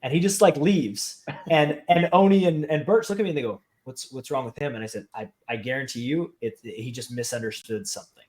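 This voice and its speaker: A man guesting on a podcast, telling a story in a casual, animated way and acting out what people said. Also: medium pitch, fairly quick, hardly any pauses.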